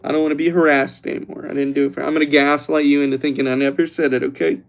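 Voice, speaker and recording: A young man hosting a livestream who chats loosely and teases the viewers while reading their comments aloud, relaxed after a few glasses of red wine. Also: on the high side, rapid-fire, gravelly. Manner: joking, teasing, reads chat aloud. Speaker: livestream host. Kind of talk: casual livestream chat.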